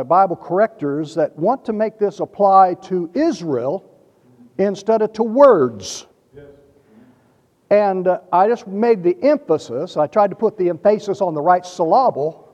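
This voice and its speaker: A man preaching a sermon, reading scripture in a measured way and stressing key words. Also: sits high, mellow. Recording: dull lo-fi with long reverb.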